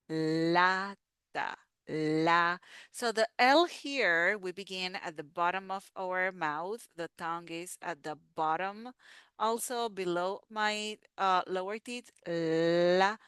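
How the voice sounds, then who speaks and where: A woman's voice: fairly low pitch, fairly bright tone, clear, resonant tone, no room sound, clean studio sound. A woman teaching pronunciation, patiently saying each sound and word several times so learners can repeat. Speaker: language teacher. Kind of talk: slow pronunciation lesson.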